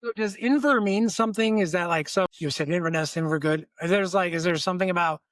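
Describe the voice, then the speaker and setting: High, fast-talking curious man. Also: a bit bright, dry recording. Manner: quick, curious questioner. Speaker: podcast co-host. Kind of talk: casual chat.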